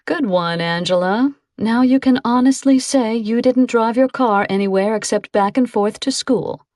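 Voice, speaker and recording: Woman reading a quiet, hesitant young woman. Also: a little high, moderate pace, no echo, studio quality, lightly acted.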